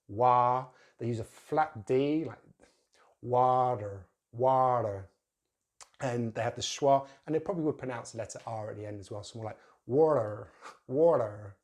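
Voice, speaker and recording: A man's voice: medium pitch, darkish tone. A young man with a British accent teaching English pronunciation, drawing out and repeating words to show how the vowels sound. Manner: slow, exaggerated demonstrations of vowel sounds. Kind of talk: pronunciation lesson.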